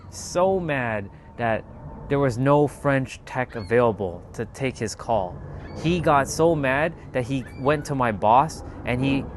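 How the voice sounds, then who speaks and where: A man telling a casual, animated story in a monologue, swearing freely and acting out the people in it with quoted voices. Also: mid-range voice, a little hiss or hum. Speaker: spiritual talk host.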